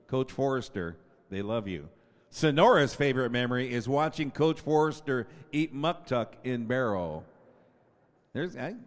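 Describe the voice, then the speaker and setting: A man in his fifties working as the announcer at a school senior night, drawing out the players' names and adding chatty asides between them. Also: medium pitch. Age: 50s. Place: school gym. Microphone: PA microphone. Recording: echoey gymnasium PA sound.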